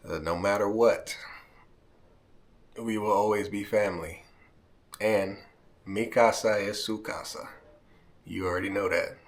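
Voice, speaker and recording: Deep-voiced man fighting back tears. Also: steady tone, a little slow, pauses often. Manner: emotional, heartfelt, repeats "man", holding back tears. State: near tears. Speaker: vlogger. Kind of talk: emotional direct-to-camera vlog.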